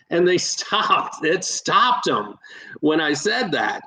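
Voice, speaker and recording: A man guesting on a podcast, sharing real estate stories in an animated coaching tone. His voice sits a bit high for a man and has a gravelly, creaky edge. He talks casually, often restarting sentences and padding with fillers. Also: extremely slow, poor audio.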